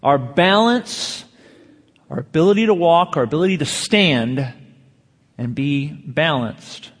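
A pastor delivering a sermon, drawing out key phrases slowly and asking the congregation rhetorical questions. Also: male voice, fairly high pitch, long reverb tail. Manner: measured preaching with slow emphatic phrases and rhetorical questions.

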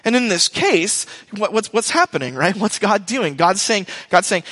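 Middle-aged man, pastor, casual rambling sermon, slightly high voice, echoing hall. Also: animated, normal speed, hardly any pauses, a bit bright. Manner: conversational, rambling with restarts and asides. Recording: long hall reverb.

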